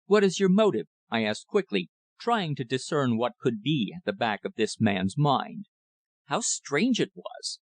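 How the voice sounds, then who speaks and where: A male audiobook narrator reading in the first person, with a mid-pitched voice and a measured, expressive delivery. The sound is close and completely dry, with no room echo.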